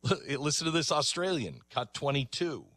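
A man speaking at normal speed, with background noise, hosts a reaction show. He plays video clips and comments on them in an animated, emphatic way, his pitch jumping when he gets excited.

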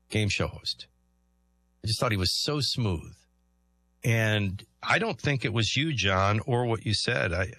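A man's voice: on the low side, fairly bright tone. A man hosting a talk radio show, chatting through rambling anecdotes and often laughing.

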